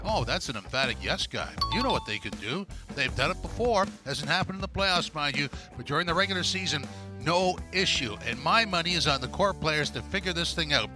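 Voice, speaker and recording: A man's voice: a little high, lively intonation, brisk. Upbeat man hosting over music. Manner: upbeat, emphatic verdicts. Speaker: podcast host. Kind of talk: scripted segment hosting.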